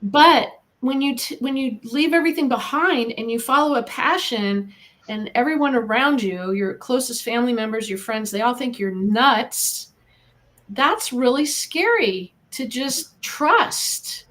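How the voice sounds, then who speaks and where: A middle-aged American woman with a fairly high voice talks as an interview guest. She tells her story in an earnest, lively way and encourages the listener. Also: a little slow. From United States. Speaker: guest, animal communicator. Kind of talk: casual interview talk.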